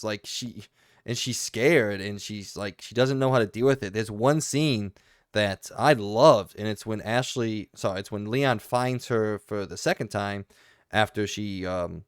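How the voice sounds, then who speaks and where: A man co-hosting a video game podcast, talking in long animated runs in a casual review discussion. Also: lowish voice, unhurried, clean tone, no echo, clean studio sound.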